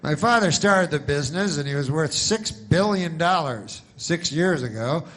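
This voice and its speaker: A man putting on a pushy middle-aged insurance salesman who makes an overly friendly sales pitch. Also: animated, moderate pace, a bit bright. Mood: salesy.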